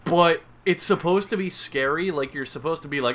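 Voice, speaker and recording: A man's voice: on the high side, normal speed, a bit bright. A young man giving crude, sarcastic comedic commentary over gameplay, rambling and mocking as he goes. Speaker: gaming commentator.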